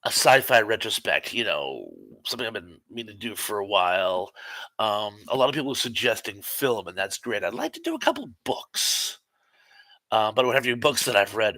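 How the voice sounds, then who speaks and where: A man hosting a casual live stream, chatting and reading viewer comments aloud with quick asides. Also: on the low side, sharp tone, dry recording. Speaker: host reading live chat.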